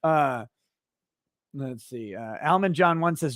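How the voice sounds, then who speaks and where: A male host reading viewer messages aloud on a casual livestream, relaxed and wry. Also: medium pitch, slow pace, pauses often, no echo, clean studio sound. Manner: relaxed, wry, trailing off with fillers.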